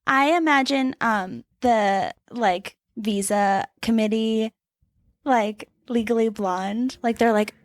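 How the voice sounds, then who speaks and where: A woman's voice: fairly high pitch, slow, no room sound. A woman co-hosts a casual podcast chat in a dry, close-sounding recording. She talks freely with playful asides and frequent laughter. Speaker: podcast co-host.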